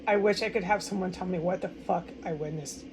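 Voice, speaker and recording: Upset woman, halting and profane. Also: on the low side, noisy background. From United States. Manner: profane, halting, stumbles over words. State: upset and distraught. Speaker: vlogger. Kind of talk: rambling personal monologue.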